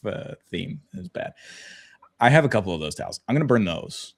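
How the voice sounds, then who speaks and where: A man's voice: on the low side, big pitch swings, moderate pace, creaky. A young man co-hosting a sports podcast, rambling and joking with casual swearing. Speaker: podcast co-host.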